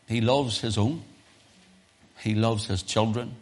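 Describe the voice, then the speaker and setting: A man's voice: slow, pauses often. Man preaching with emphatic swings. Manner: preaching with swings between loud emphasis and soft, low asides; repeats phrases and restarts often. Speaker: pastor. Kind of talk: sermon. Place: church service.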